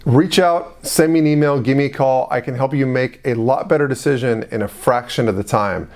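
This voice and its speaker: A middle-aged man hosts a business advice video, speaking casually and directly to the viewer. He fills his talk with questions and easy asides, at a mid-range pitch. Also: brisk, darkish tone. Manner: conversational, asks the viewer questions, fillers like "you know". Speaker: host of a business advice channel. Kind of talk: casual direct-to-camera explainer.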